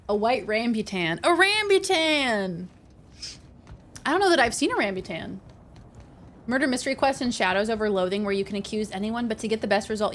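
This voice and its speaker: A woman's voice: a little high, fairly bright tone, a little hiss or hum. A young woman casually chatting with her stream chat while gaming, playful and sarcastic, swearing freely.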